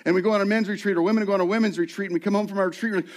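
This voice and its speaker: A middle-aged lead pastor preaches an animated sermon, acting out the voices of the people he describes. He talks high-pitched and rapid-fire, with few pauses.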